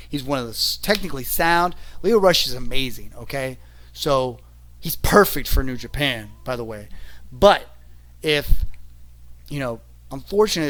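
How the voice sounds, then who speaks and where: A man's voice: a little high, fairly bright tone. A man reviewing a wrestling show in casual, rambling commentary, often tacking "okay?" onto his sentences. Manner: rambling, keeps adding "okay?".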